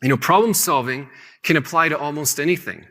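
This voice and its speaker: Bright-voiced man teaching a casual Bible lesson. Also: a little high, a little fast. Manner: relaxed, conversational, paraphrases scripture loosely with light humor. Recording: long hall reverb.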